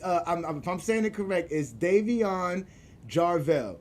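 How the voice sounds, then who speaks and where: A man hosting his own vlog, ranting in an animated, profane way with frequent laughter and repeated words. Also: high-pitched, measured pace, noisy background. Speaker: show host.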